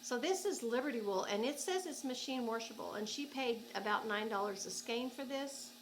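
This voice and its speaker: A woman's voice: fairly high pitch, animated, moderate pace, slight background noise, rough recording. A woman with an Oklahoma accent, chatting casually and gushing as she unboxes yarn at home for her crochet vlog. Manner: chatty, gushing, thinks aloud. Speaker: crochet vlogger.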